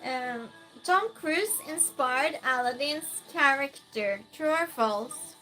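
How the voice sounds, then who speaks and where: A woman's voice: high-pitched, lively intonation, takes it slowly, bright, forceful tone, soft background music. A woman hosting a casual live stream, greeting viewers by name and reading their comments aloud during a true-or-false game.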